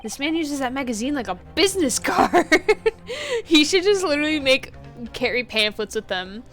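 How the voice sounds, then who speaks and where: A young adult woman streaming a video game live, chatting casually in a giggly, excitable way and swearing freely. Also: sits high, normal speed, faint music behind.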